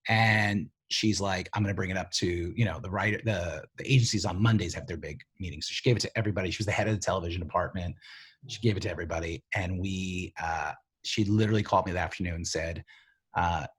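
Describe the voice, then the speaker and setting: A middle-aged man, a TV writer and showrunner, telling stories in a casual interview, lively and full of fillers, acting out the voices of other people. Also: low voice, fast, slightly rough. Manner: animated, filler-heavy storyteller who acts out quoted voices.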